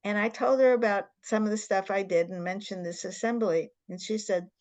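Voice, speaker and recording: A woman's voice: medium pitch, steady tone, a little fast, a little mellow, no room sound. An older woman hosting an interview, telling a story in an earnest, emphatic way over a video call. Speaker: interview host.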